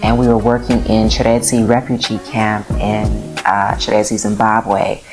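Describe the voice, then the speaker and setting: An earnest woman reflects on her own story. Her voice is extremely low for a woman, and a guitar plays clearly behind her. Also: little pitch movement, moderate pace. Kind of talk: personal story, interview.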